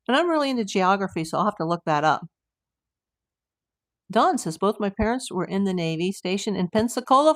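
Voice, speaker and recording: A woman's voice: medium pitch, big pitch swings, a little fast, dry recording, clean studio sound. An older American woman hosting a casual livestream, chatting in a rambling way and reading viewer comments aloud. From United States. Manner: chatty, rambling with asides and fillers. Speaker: livestream host.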